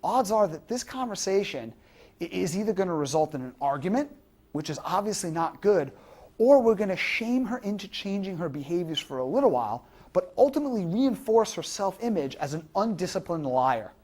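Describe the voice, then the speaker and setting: A woman's voice: fairly low pitch, sing-song, a little fast, darkish tone. A woman giving an instructional lecture to fitness trainers, explaining through examples and rhetorical questions.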